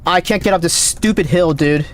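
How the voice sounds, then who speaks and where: A man streaming a game live, calling out readings with excited running commentary, his voice cracking. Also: fairly high pitch. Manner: excited, calls out numbers rapidly. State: voice cracking, thirsty. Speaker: gaming streamer.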